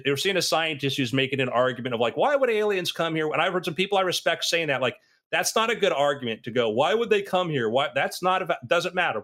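A man with a bright, forceful voice pitched a little high, chatting casually. He tells stories with energy and acts out the people he quotes, swinging his pitch up and down. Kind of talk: casual conversation.

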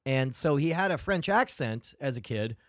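A man's voice: medium pitch, expressive, moderate pace, no echo, studio quality. A man co-hosting a podcast, telling rambling stories in casual chat and chuckling mid-sentence. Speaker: podcast co-host.

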